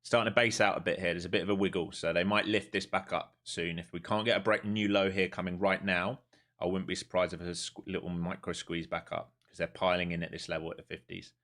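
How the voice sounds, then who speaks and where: With a low voice and fast delivery, a man day-trading on a live stream narrates for his viewers, alternating between quiet muttering and excited outbursts.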